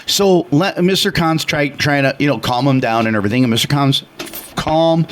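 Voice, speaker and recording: A man from Chicago co-hosting a radio talk show, telling a story loudly and animatedly, with acted voices. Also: medium pitch, fairly quick. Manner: loud and animated; passionate, retells dialogue with acted voices. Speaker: radio co-host.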